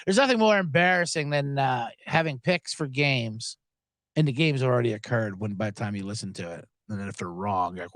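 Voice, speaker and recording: A man's voice: medium pitch, expressive, brisk, fairly bright tone, dry recording, studio quality. A man hosting a sports betting podcast in casual chat, rambling, jokey and profane, often stammering and restarting his sentences.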